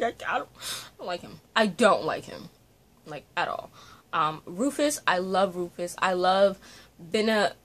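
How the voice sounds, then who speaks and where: A woman chats casually into a phone on a tripod in her bedroom, rambling through a book review with plenty of fillers. Her pitch sits in the middle range for a woman. Faint room noise hangs behind her. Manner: rambling, animated, many fillers. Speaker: book vlogger. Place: bedroom at home. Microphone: phone on a selfie-stick tripod.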